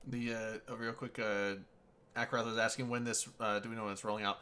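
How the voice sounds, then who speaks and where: A man co-hosting a casual gaming podcast, relaxed and jokey, often trailing off softly. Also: lowish voice, fairly quick, clear, resonant tone.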